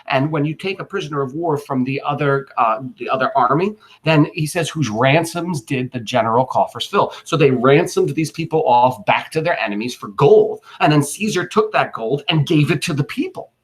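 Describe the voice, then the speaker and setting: A male teacher explaining a play to his class in an animated, conversational way, with playful exclamations. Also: on the high side, a little fast, few pauses, husky, low-quality recording. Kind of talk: literature lesson, explaining a play.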